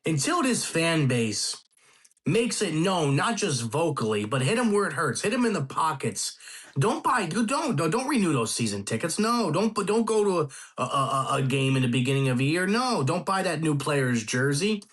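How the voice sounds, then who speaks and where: A man's voice: on the high side, sing-song, normal speed, a bit bright. A man co-hosting a sports podcast, talking casually and profanely while backing up his co-host. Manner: agreeing, casual and profane, calls fans to boycott.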